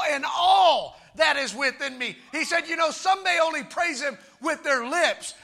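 Male pastor, very high voice, piercing bright tone, shouted sermon, call-outs to the church. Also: gravelly. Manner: shouting, exuberant preaching with call-outs to the congregation.

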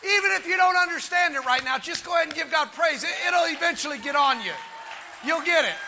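A man preaching with exuberant shouting and calling out to his congregation. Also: very high-pitched, quick pace, a faint crowd, slight background noise. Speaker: pastor. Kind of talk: sermon.

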